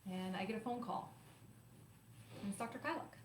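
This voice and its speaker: A woman's voice: medium pitch, moderate pace, a little hiss or hum. Woman telling her story in a roomy space. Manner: animated, emotional, confiding. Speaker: host. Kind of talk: personal storytelling to viewers. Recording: roomy echo, faint ambience.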